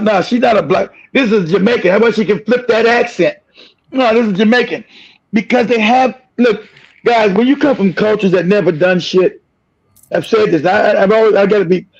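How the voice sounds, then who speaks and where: A high-voiced man hosts a livestream, launching into an angry, profane, aggressive ranting monologue. The recording is muffled.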